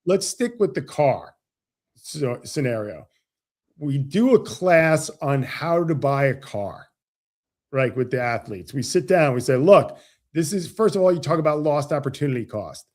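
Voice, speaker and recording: Animated man telling a story. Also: on the high side, a little slow. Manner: animated, acts out quoted dialogue. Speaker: financial advisor guest. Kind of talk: casual interview storytelling.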